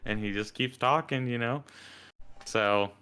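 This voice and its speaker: A man's voice: medium pitch, unhurried, sharp tone, smooth. A man with a Southern US accent, co-hosting a podcast and telling rambling stories in casual chat. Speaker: podcast co-host.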